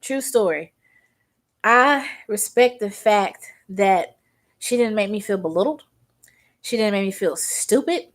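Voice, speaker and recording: A young woman from Arkansas talks her way through a makeup routine, chatty and rambling. She drifts into stories in a relaxed vlogger's voice, with some Southern slang. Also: mid-range voice, measured pace. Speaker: beauty vlogger. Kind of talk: chatty makeup tutorial storytelling.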